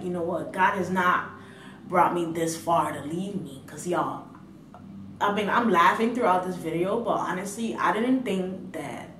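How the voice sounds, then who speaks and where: A young adult woman vlogging a personal story in a casual, animated way, often calling her viewers "y'all" and acting out how she panicked. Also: on the low side, slight background noise. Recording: echoey room, mic at a distance.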